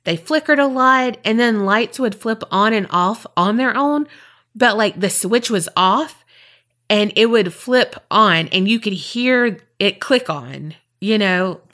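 Woman, mid-pitched podcast co-host; casual, profane storyteller. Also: lively intonation, sharp tone. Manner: chatty, profane, drops into quick voices for people in the story.

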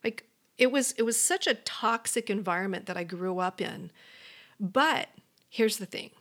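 A woman speaks earnestly and encouragingly as a life coach on her motivational podcast, addressing listeners directly and sometimes dropping to a soft whisper. Her mid-range voice keeps a measured pace.

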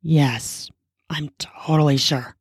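A woman doing a hushed, lustful young man. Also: low voice, takes it slowly, slightly rough, no echo, clean studio sound, voice pushed down, exaggerated voice. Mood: aroused.

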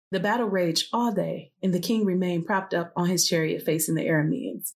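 A woman reading a biblical passage aloud in a relaxed, chatty way, with casual asides between sections. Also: on the low side, fairly quick, vocal fry, hardly any pauses. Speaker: scripture reader.

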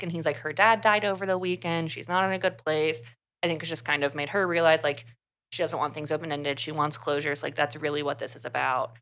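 Young woman, podcast co-host, casual chat, bright forceful tone, lowish pitch, chatty retelling. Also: fast. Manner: chatty, animated retelling with lots of "like". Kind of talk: casual book review chat.

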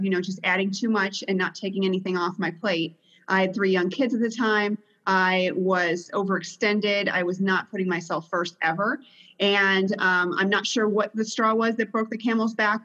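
A woman podcast guest recounting her story in a reflective, hesitant manner. Her remote audio sounds dull and lo-fi, with a mid-range pitch. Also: a bit bright. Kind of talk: interview conversation.

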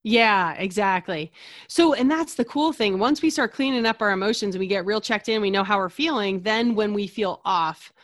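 A woman's voice: mid-range voice, normal speed, a bit bright, no room sound. Chatty woman, dry close sound. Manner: chatty, acts out little dialogues. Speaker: energy healer guest. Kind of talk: casual conversational interview.

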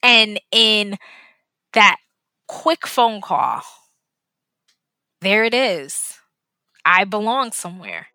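A woman guest telling a personal story, emotional and animated as she retells it. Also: mid-range voice, very slow, pauses often, no room sound, studio quality.

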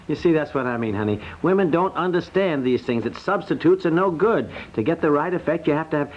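A man's voice: on the high side, lively intonation, a little fast, natural voice. A middle-aged actor playing a fussy, self-assured husband who lectures his wife on cooking, in 1950s radio comedy acting. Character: fussy self-assured husband, know-it-all home cook. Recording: dull lo-fi 1950s radio recording with faint hiss.

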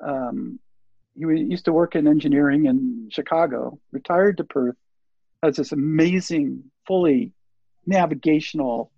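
A man in his sixties, an interview guest, telling a rambling, animated story and acting out the lines of the people in it. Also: fairly high pitch, unhurried, creaky, breathy edge, no echo. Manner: rambling, animated, acts out quoted dialogue. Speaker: interview guest, surf filmmaker. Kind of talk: casual storytelling. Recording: dull lo-fi audio.

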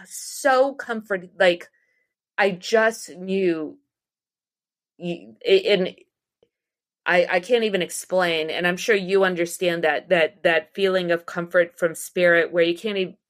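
A middle-aged woman from the United States tells her stories in a loose, rambling way, with restarts and little laughs along the way. Her voice sits a bit low for a woman. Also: measured pace. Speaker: interview guest, astrologer and psychic medium. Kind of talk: casual storytelling interview.

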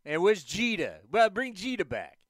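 A man voicing a gruff male sports radio caller with a New York accent. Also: sits high, big pitch swings, normal speed, a bit bright, no echo, clean studio sound, exaggerated voice. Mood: griping.

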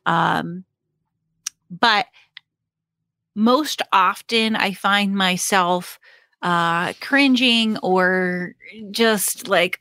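A woman's voice: mid-range voice, takes it slowly, pushed and bright, dry recording, studio quality. A woman working as an HR consultant and coach, chatting casually with many fillers, restarts and laughs. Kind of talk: casual podcast conversation.

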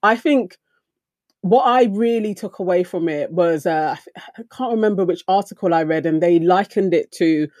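A woman's voice: on the low side, normal speed, darkish tone, dry recording, clean studio sound. A woman co-hosting a casual discussion who speaks reflectively, building long arguments. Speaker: podcast co-host.

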